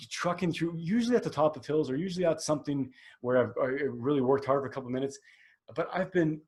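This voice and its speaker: A man in his forties hosting a solo podcast, talking candidly and rambling, with many fillers and restarts. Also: on the high side. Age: 40s. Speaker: podcast host.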